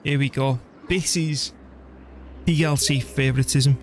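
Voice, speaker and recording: A man streaming a strategy game, chatting casually and thinking out loud as he plays, laughing easily. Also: mid-range voice, steady tone, unhurried, a little hiss or hum. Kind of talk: casual gameplay commentary.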